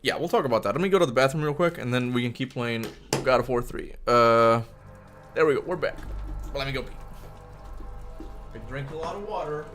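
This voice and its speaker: A man's voice: mid-range voice, a little fast, long pauses, music in the background. A man streaming from his home desk, chatting casually and playfully, slipping into baby talk with his cat. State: out of breath. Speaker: gaming streamer. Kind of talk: casual livestream chat. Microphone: desk mic.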